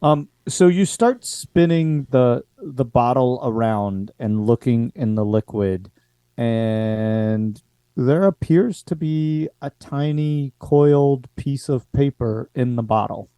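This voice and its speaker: A man running a tabletop role-playing game as game master, describing scenes in a relaxed way with frequent hesitations. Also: medium pitch, slow pace, smooth, dry recording. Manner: relaxed, hesitant, many ums. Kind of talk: narrating a tabletop horror game.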